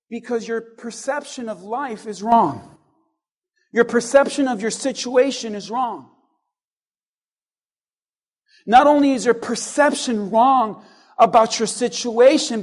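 A man with a very high voice preaches a sermon to his church. He stacks up rhetorical questions and leans on dramatic pauses, dropping low and quiet, then rising again. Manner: strings of rhetorical questions, dramatic pauses, swings between hushed and loud. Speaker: pastor.

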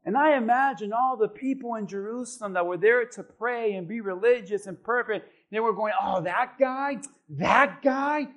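A man preaching a sermon as pastor, building to shouted refrains and acting out voices. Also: sits high, a little fast, few pauses. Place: church.

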